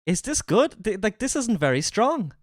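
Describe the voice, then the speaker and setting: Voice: mid-range voice, very animated, normal speed, no echo, studio quality. A streamer reacting to a video with casual, joking and profane mocking asides.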